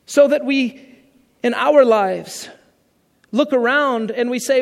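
In a large church, a male pastor with a very high voice and vocal fry preaches unhurriedly in an easygoing, conversational way, repeatedly asking his listeners rhetorical questions. A long reverb trails each line.

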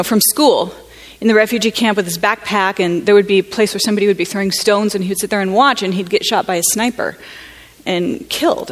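Earnest American woman giving a halting talk. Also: mid-range voice. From United States. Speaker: conference speaker. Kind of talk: personal testimony talk.

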